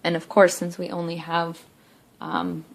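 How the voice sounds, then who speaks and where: A young woman teacher talking through a recorded spelling lesson, saying words slowly and clearly one at a time. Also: fairly low pitch, completely flat delivery. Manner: slow, clear word-by-word demonstration.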